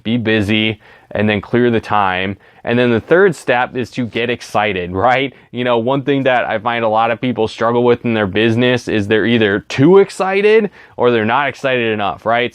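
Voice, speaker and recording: A man's voice: medium pitch, clear, resonant tone, no room sound. A man giving a casual sales training talk, often checking in with "right?" and acting out sample invitations. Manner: chatty, frequent "right?" tags, acts out sample invitations. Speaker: network marketing trainer.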